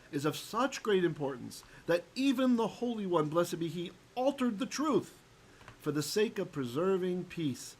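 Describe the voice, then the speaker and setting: Animated rabbi teaching a Torah lesson. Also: male voice, high-pitched, rough recording. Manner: animated teacher, checks in with "right?", chants Hebrew verses.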